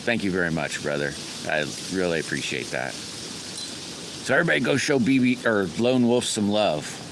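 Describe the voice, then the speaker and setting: A man's voice: on the low side, animated, normal speed, background noise. A middle-aged man hosting a casual live stream, rambling in a folksy way and greeting viewers by name. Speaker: livestream host.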